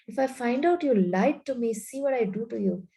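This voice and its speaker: Angry queen, commanding and sharp, dark-toned; woman reader voicing. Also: fairly high pitch, lively intonation, moderate pace, creaky.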